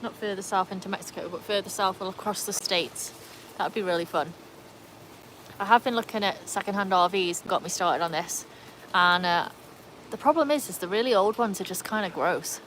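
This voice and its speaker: A woman's voice: medium pitch, fairly quick, a bit bright, a little hiss or hum, poor audio. Chatty English-Welsh woman livestreaming outdoors. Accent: English with a Welsh tinge. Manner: chatty, answers viewer comments as she goes. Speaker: livestream host. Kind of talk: casual livestream chat.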